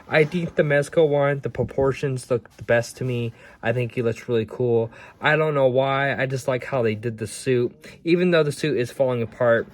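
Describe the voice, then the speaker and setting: A man's voice: mid-range voice, moderate pace, few pauses. A man casually reviewing action figures, rambling and stumbling over his words as he shows them off at home. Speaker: toy reviewer.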